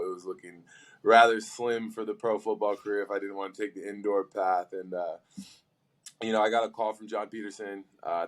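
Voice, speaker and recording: Chatty young man telling a story. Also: deep voice. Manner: animated, lots of "like" and "you know" fillers. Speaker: guest, pro football player. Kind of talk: casual storytelling.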